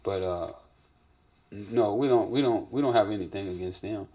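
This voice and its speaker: A man speaking casually in an interview clip, relaxed and a bit hesitant with fillers. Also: on the low side, normal speed, highs cut off.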